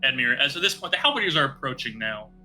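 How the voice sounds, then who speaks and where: A man's voice: mid-range voice, lively intonation, fast talker, music in the background, rough recording. A man narrating as game master in a casual, rambling way with many fillers.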